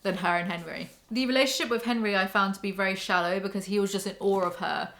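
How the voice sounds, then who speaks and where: A woman's voice: medium pitch, steady tone, fast talker, fairly bright tone. Candid woman ranting about books. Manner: candid, ranting, swears freely. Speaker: book reviewer. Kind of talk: casual spoken book review.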